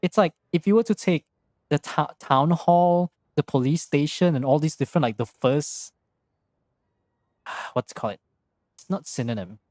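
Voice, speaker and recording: Rambling, animated young male streamer. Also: a little high, normal speed, long pauses, no room sound, clean studio sound. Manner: rambling, jokey, swears freely, laughs often. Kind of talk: casual live-stream chat while gaming. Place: his own room.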